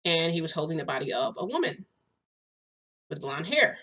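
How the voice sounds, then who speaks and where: A woman talks straight to her audience in a chatty, excitable way. She retells events in a relaxed, casual storytelling style. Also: deep voice, normal speed, husky. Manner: excitable, chatty retelling full of "I'm like" and "freaking". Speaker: vlogger.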